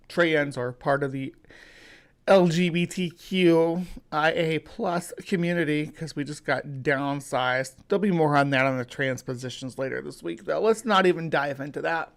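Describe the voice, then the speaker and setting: Rambling livestream host, fairly high voice. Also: male voice, creaky. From United States. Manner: rambling, halting, many fillers and restarts; greets viewers by name. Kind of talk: casual livestream chat.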